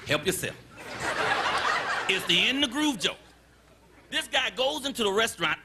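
A man doing a live stand-up set, loud and animated, repeating his punchlines and phrases for effect. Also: sits high, moderate pace, heavy background noise. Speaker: stand-up comedian. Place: comedy stage with live audience.

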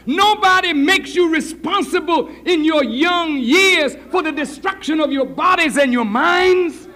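A man preaching a sermon lecture as minister, shouting for emphasis and acting out the voices of others. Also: very high voice, lively intonation, unhurried. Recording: 1980s lecture hall recording.

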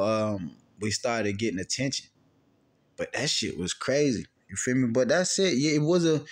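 Profane man telling a story. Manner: profane, rambling, swings from loud outbursts to low quiet recounting. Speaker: channel host answering questions. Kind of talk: casual storytelling monologue.

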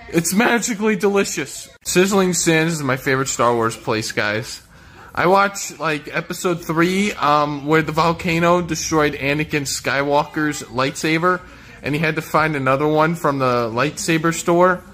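A young man doing a comedic fan dub, goofy and rambling with crude jokes, jumping between squeaky and low voices. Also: moderate pace, fairly bright tone. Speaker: fan dubber.

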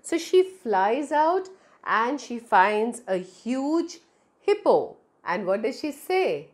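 Slow, lively woman storyteller. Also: a little high. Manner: slow, drawn-out, expressive. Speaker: children's storyteller. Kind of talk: storytelling for children.

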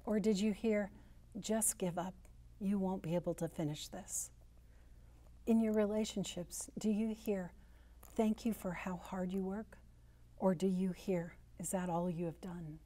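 A woman's voice: medium pitch, steady tone, measured pace, dark tone. A woman therapist giving a church teaching, telling a scripture story and voicing people's thoughts with rising force.

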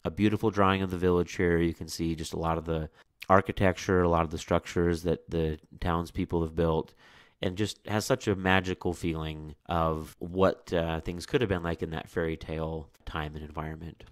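A man with a low voice reads a picture book aloud and stops for chatty, casual commentary. The recording is dry and close, with no room sound. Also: little pitch movement, moderate pace, dry recording. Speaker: book reviewer and reader.

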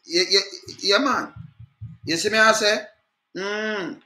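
Jamaican guy filming on his phone, hard bright voice, keeps going "you see me", roomy echo. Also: sits high, takes it slowly. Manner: insistent, repetitive, calls out to viewer. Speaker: vlogger. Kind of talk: casual on-the-spot commentary.

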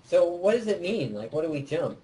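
Animated man shouting game directions. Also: high-pitched, brisk, poor audio. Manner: excitable, lively, directing his partner. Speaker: let's play co-host. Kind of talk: casual gameplay chat.

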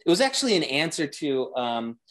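A man's voice: a little high, big pitch swings, a little fast, fairly bright tone. A man talking as a guest designer in a casual interview, rambling with many restarts and growing enthusiastic.

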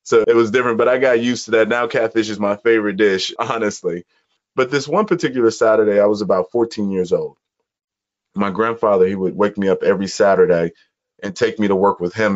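A man from Chicago, a podcast guest, telling his life story in an earnest, measured way during an interview. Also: low voice, a little mellow. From Chicago, USA. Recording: dull lo-fi audio.

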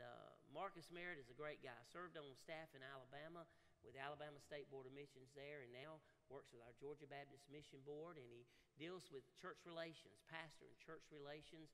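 Upbeat Southern pastor in a reverberant sanctuary. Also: male voice, on the high side, fairly bright tone. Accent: Southern American. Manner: folksy, effusive, frequent amens. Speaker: host pastor. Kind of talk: church service announcements and speaker introduction. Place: large church sanctuary. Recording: long church-hall reverb.

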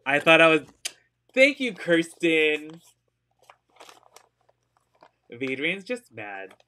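A man's voice: on the high side, big pitch swings, slow pace, bright, forceful tone. A man hosting a live online sale of secondhand designer purses, chatting casually with fillers, giggling often and gushing about the bags. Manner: upbeat and gushing. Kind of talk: casual live-stream sales chat.

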